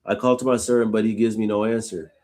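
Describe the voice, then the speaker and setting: Male Bible study host, very low voice, reads scripture then chats about it with casual asides. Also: steady tone, fast, a little mellow. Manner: reads verses aloud, then reflects informally; uses casual "y'all" asides. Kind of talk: live scripture reading with commentary.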